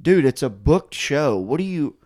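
A man with a somewhat high voice hosting a casual podcast chat. He tells a story in an animated way, swears freely, fills it with "like", and quotes the people in it as he goes. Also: normal speed.

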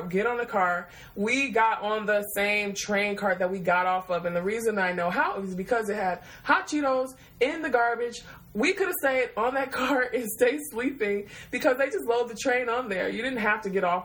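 A woman, telling a travel story in a casual, rambling way. She swears freely and laughs often. Her voice sits at a middle pitch for a woman. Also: low-quality recording. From Detroit, USA.

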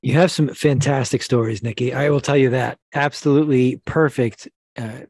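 A man hosting a podcast interview, speaking haltingly and restarting his phrases as he praises his guest. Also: medium pitch, fairly even intonation, a little mellow, husky, dry recording. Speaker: podcast host. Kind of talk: interview chat.

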